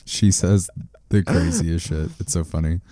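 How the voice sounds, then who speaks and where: A man's voice: low-pitched, fairly even intonation, unhurried, warm tone, dry recording, clean studio sound. A young man co-hosting a podcast, chatting in a laid-back, teasing way. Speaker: podcast co-host. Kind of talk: casual chat.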